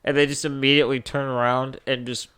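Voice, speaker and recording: A young man co-hosting a casual podcast chat, animated and swearing freely as he retells movie scenes. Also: mid-range voice, quick pace, smooth. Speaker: podcast co-host.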